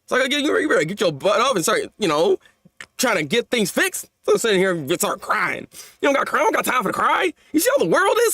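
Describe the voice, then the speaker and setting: A man giving a live reaction commentary on a manga chapter, slangy and animated, often stammering and repeating words. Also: extremely high pitch, a little fast, no room sound, studio quality.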